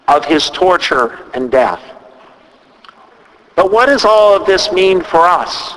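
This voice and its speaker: A man preaching a sermon, retelling a scripture story at a measured pace and quoting its dialogue. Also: fairly high pitch, a bit bright, big-room sound, poor audio. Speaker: pastor. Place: church.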